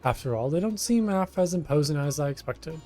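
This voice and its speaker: A man reading aloud a friendly letter from a male adventurer, in an even reading voice. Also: fairly high pitch, a little fast, faint music behind, natural voice. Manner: read aloud evenly from a letter.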